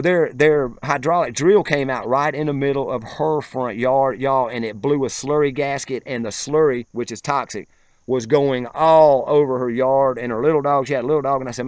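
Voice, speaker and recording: A man's voice: mid-range voice, fairly quick, no echo. A man telling a long personal story in a rambling, colloquial way, with plenty of profanity. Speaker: vlogger. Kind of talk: casual storytelling. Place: outdoors, then moving inside as rain starts.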